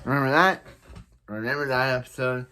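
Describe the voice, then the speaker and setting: Man, mid-pitched, rambling exasperated recapper, blunt opinions. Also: fairly quick, sharp tone, a little hiss or hum. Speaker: TV show reviewer. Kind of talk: casual episode recap.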